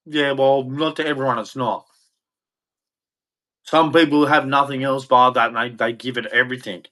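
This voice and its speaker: A man's voice: mid-range voice, steady tone, normal speed, pauses often, bright, forceful tone. A middle-aged man, hosting and ranting bluntly, mocking others and acting out their voices. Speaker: host. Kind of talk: opinionated rant.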